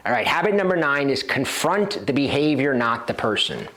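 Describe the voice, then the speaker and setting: A man's voice: medium pitch, big pitch swings, normal speed, pushed and bright. A man teaching as a dating coach, speaking directly and confidently and acting out short example lines. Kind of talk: instructional talk to camera.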